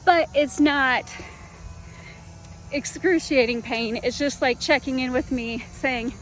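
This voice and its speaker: A woman in her fifties, a fitness vlogger, is out of breath after a run and speaks to camera in an earnest, chatty, heartfelt way, calling her viewers y'all. Her voice sits high and her pace is slow.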